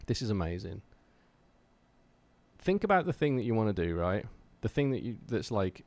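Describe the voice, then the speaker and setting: An English man talks to his live-stream chat in a slightly low voice. He rambles with plenty of fillers and restarts, but stays earnest and fired up as he urges listeners to keep pushing toward their creative goals. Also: very animated, normal speed, long pauses, a little mellow, no room sound. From England.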